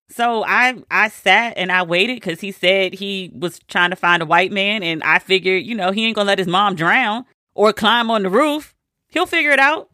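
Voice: mid-range voice, normal speed, pushed and bright, dry recording, studio quality. A host telling a personal story in a casual monologue, with wry, incredulous asides.

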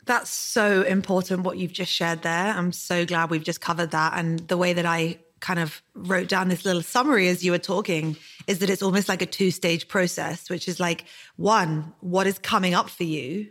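A woman's voice: on the low side, fairly even intonation, moderate pace, few pauses, fairly bright tone. A woman in her thirties hosting a podcast, talking in a candid, earnest way about personal memories. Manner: earnest, candid, emotional storytelling. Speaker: podcast host. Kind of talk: podcast conversation.

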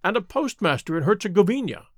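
A man's voice: high-pitched, sing-song, fast, no room sound, studio quality, full character voice. A man reading aloud and voicing a bored, worldly baroness with an arch, languid manner.

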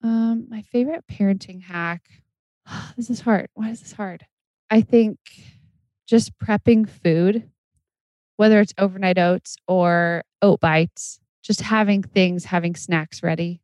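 A woman co-hosting a casual chat who tells quick anecdotes and laughs along. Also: medium pitch, fairly even intonation, darkish tone, dry recording. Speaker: podcast co-host.

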